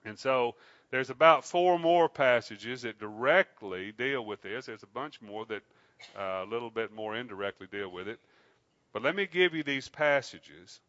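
A man preaching a sermon, reading scripture and slowing down deliberately to stress his points. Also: medium pitch, a bit bright, no echo, highs cut off. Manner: deliberate, slows down for emphasis, rising intensity.

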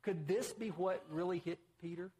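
A man's voice: moderate pace, darkish tone, slightly rough. A man preaching a conversational sermon, acting out the quotes he reads. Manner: conversational, acts out quotes with rising pitch.

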